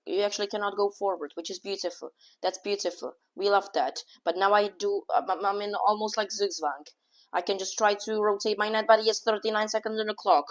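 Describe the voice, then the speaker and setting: A woman giving casual, excitable running commentary on her own chess game, thinking aloud move by move and often scolding herself. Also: medium pitch. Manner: casual slang, says "bro" and "oh my god". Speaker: chess streamer.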